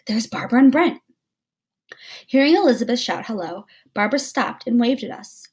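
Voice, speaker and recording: A woman teacher reads a novel aloud in a steady, even storytelling manner. Her voice is husky and breathy, at an ordinary pitch.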